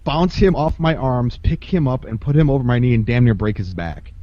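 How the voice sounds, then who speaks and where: A man's voice: medium pitch, fairly quick, a little hiss or hum. A man telling a story in casual podcast chat, swearing freely, laughing often and acting out what people said. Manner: profane, laughs often, acts out quotes. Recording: dull lo-fi podcast audio.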